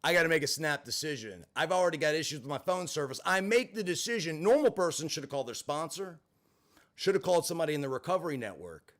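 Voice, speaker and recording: A man's voice: a little high, lively intonation, quick pace, a bit bright. Blunt, candid man telling a story. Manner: candid, emphatic, swears freely. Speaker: vlogger in recovery. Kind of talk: storytelling monologue.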